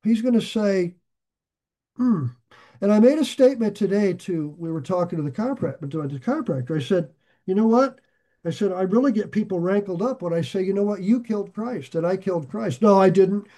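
A man preaching a sermon in an earnest, conversational way, with sarcastic asides and sudden swings between loud emphasis and quiet drops. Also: sits high, expressive, brisk. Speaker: pastor.

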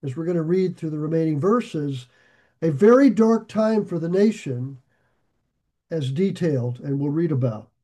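A man with a high voice leads a verse-by-verse Bible study. He reads scripture aloud and then drifts into friendly, animated asides, getting lit up and loud when excited. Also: normal speed. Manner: animated, gets excited and raises his voice. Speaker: Bible teacher.

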